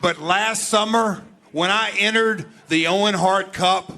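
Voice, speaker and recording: A man's voice: high voice, a little slow, pushed and bright. A middle-aged man delivering a wrestling promo in a large arena on a handheld mic, answering his rival with firm, scolding retorts. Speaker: veteran pro wrestler.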